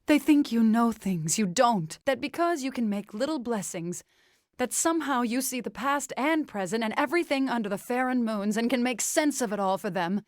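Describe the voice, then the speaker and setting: A stubborn young farmer woman from a fantasy game, voiced by an actress, guarded and prickly, often breaking off her thoughts. Her voice sits fairly high. It is recorded dry and close, with no room sound. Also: animated, dry recording, natural voice. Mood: earnest. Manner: hesitant, many "well" pauses, defensive. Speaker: game companion character. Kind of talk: video game voice acting.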